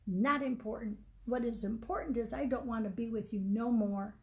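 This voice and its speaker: A woman reading the part of a cold, dismissive husband who talks flatly and curtly. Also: on the high side, normal speed, close to an everyday voice. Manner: flat, curt, demanding.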